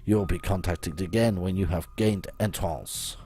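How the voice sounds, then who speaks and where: A man putting on a low, theatrical French-accented schemer. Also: unhurried, mellow, husky, dry recording. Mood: grand. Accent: French (put on). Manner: grand, theatrical, speaks of himself in third person. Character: scheming male hacker with a put-on French accent.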